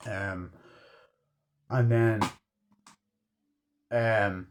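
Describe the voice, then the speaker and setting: A man's voice: medium pitch, a little slow, pauses often. A man giving a casual movie review, rambling with lots of swearing and acting out scenes he loves. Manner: rambling, swears a lot, acts out quoted scenes.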